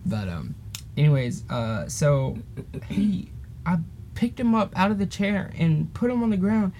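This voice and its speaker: A man's voice: sits high, big pitch swings, a little slow, dark tone, slight background noise. A teenage boy casually telling a rambling story on a podcast, laughing often and drifting off topic. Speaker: podcast host.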